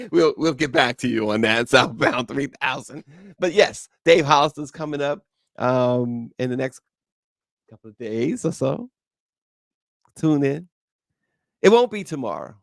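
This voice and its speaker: Man, morning show host, gravelly voice, mid pitch, casual joking chat, reads viewer comments. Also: fairly bright tone, no echo, studio quality. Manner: joking, loose and rambling, laughs often.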